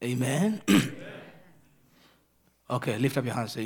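A pastor preaching a fervent sermon, moving between loud rebuking and quiet storytelling. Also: male voice, mid-range voice, animated, slow, long pauses, husky.

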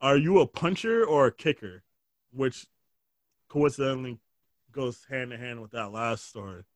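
A young man hosting a podcast in casual chat, asking questions with halting restarts and dry, teasing quips. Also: medium pitch, no room sound. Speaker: podcast host.

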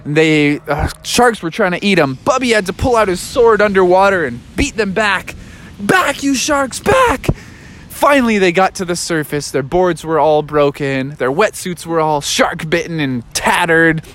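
Animated man telling a child a story. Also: on the high side, moderate pace, hardly any pauses. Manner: animated, with sound effects. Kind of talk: improvised story told to a child.

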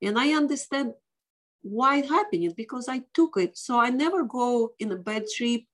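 Animated woman telling a dramatic story. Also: fairly high pitch, moderate pace. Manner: animated, dramatic retelling with quoted voices; non-native English grammar. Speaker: guest author and doctor. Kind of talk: casual interview storytelling.

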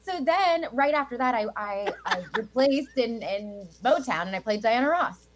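Chatty American woman, quick laughs. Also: on the high side, expressive. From United States. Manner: chatty, laughs often, many fillers. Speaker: guest, Broadway actress. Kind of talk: casual interview chat.

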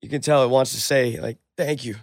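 Brief: young guy, mid pitch, animated swearing banter, dry close sound. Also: fairly quick, no room sound. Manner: excitable, heavy swearing. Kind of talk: casual chat.

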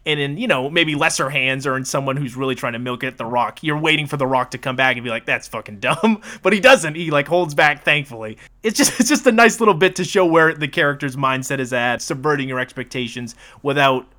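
A man's voice: medium pitch, fairly quick, hardly any pauses, sharp tone. A man co-hosting a casual movie podcast, recapping scenes in a loose, profane way and laughing often. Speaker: podcast co-host.

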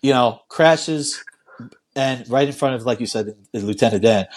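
A man hosting a casual podcast, easygoing and quick to laugh, often restarting his sentences. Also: medium pitch. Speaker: podcast host.

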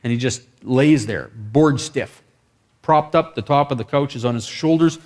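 Animated male preacher. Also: mid-range voice, moderate pace. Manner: animated anecdote with acted dialogue and bursts of excitement. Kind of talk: sermon storytelling.

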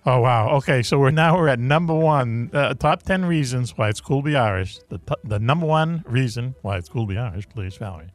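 A man's voice: mid-range voice, animated, fairly quick, hardly any pauses, no room sound, faint music behind. A man hosting a casual radio chat, joking and laughing as he leads a countdown list. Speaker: host.

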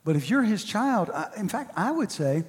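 High-voiced male preacher in a reverberant hall. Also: very animated. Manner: emphatic, repetitive preaching with drawn-out stresses. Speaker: pastor. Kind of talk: sermon.

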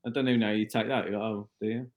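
A man's voice: fairly low pitch, fairly even intonation, racing. A man co-hosting a podcast in casual chat, often restarting his sentences as he thinks aloud. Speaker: podcast co-host.

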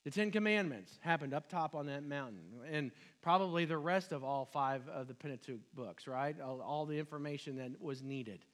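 A man's voice: fairly high pitch, moderate pace, hardly any pauses, a bit bright. A man preaching a sermon, retelling a Bible story in casual words, asking his listeners questions and acting out the quoted lines. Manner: retells scripture conversationally, asks the listeners questions; acts out quoted lines with dropping and rising voice. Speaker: pastor.

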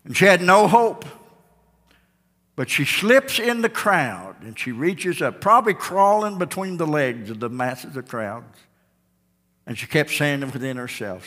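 A male pastor preaching a sermon with dramatic storytelling, swinging between shouts and hushed tones. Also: sits high, big pitch swings, unhurried. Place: church sanctuary. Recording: reverberant church hall.

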